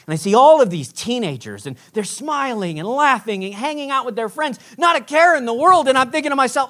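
A man preaching a sermon as pastor, telling a story in an animated way and acting out the quotes. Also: sits high, brisk, hardly any pauses. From Texas.

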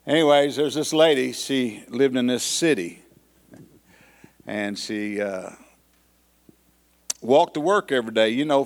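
A man preaching an evening church service, telling a folksy joke story with chuckles before reading scripture. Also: medium pitch. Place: church sanctuary. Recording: long hall reverb.

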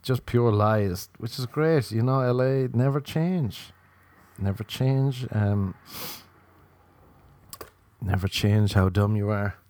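A man's voice: on the low side, takes it slowly, pauses often, a little mellow. A young man hosting a solo podcast, riffing sardonically with frequent swearing and self-mockery. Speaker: podcast host. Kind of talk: solo comedic podcast rant. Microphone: podcast microphone.

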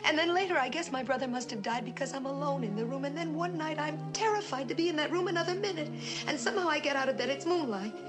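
A distraught young woman in a 1950s melodrama pours out her dread in a high, tearful voice. Her delivery is theatrical and stagey, and a film score swells clearly behind her. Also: animated, fast, over music. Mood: haunted. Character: distraught young woman reliving buried childhood terror.

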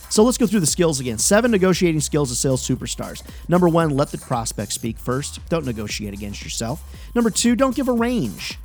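Upbeat man hosting a sales podcast. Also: on the high side. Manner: energetic, upbeat and conversational. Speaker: sales trainer and podcast host. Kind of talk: solo podcast talk.

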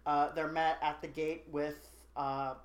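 A podcast co-host in casual chat, recapping a movie plot in a rambling, joking way with lots of fillers and quick asides. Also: medium pitch, little pitch movement, lo-fi sound. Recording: roomy echo.

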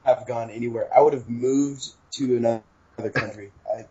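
A man co-hosting a podcast, cutting in with quick, incredulous remarks. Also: medium pitch, fairly even intonation, mellow, husky, lo-fi sound. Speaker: podcast co-host. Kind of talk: casual chat.

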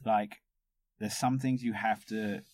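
A man's voice: lowish voice, fairly even intonation, slow, a little mellow, dry recording. A man from London with a London accent, a photographer guest telling loose, chatty stories with casual swearing in a podcast interview. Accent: London English. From London, England.

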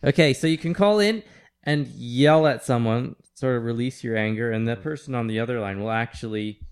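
A man's voice: medium pitch, a little fast, smooth. A man co-hosting a casual tech podcast, joking and laughing often with his friends. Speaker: podcast co-host. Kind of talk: casual chat.

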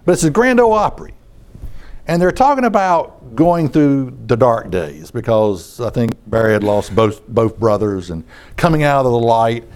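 A man's voice: mid-range voice, lively intonation, moderate pace, a little mellow. A man preaching a sermon in front of a congregation, talking in a conversational way and often repeating his phrases.

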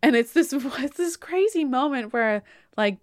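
A woman hosts a podcast in a chatty, animated way, walking through an opera story with plenty of "like". Her voice is smooth and clear. The sound is dry and close to the mic. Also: sits high, a little slow, no room sound. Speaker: podcast host. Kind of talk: casual retelling of an opera plot.

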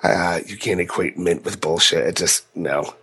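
A man co-hosting a casual podcast, his voice sitting on the low side. He talks haltingly, doubling words and restarting sentences as he works his thoughts out. The pace stays easy and conversational. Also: steady tone, a bit bright, slightly rough. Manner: halting, with frequent word repeats. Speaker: podcast co-host.

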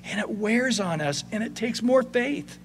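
A man preaching a sermon as pastor, conversational, moving between soft passages and emphatic points. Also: high voice, animated, a little slow, a little hiss or hum.

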